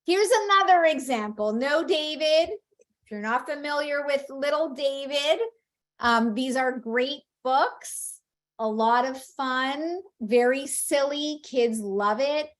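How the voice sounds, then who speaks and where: A woman's voice: high-pitched, takes it slowly. A woman explaining a book-reading method to parents in a patient, instructional way, acting out short read-aloud examples. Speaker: speech-language educator.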